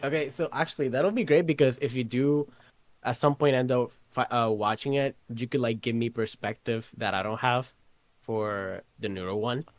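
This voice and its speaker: A man's voice: medium pitch, fairly even intonation, moderate pace, no echo. A man co-hosting a casual podcast, playful and jokey as he chats with his co-host.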